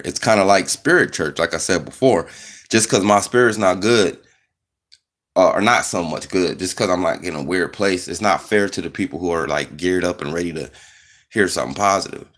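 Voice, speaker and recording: A man hosting his own channel, talking in a relaxed, rambling way with fillers and restarts. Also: low voice, normal speed. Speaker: channel host. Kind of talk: casual vlog talk.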